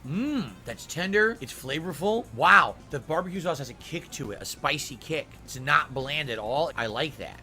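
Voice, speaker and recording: A man's voice: a little high, lively intonation, normal speed, few pauses, pushed and bright, soft background music. A man chatting casually while eating a meal on stream, murmuring between bites and talking with his mouth full.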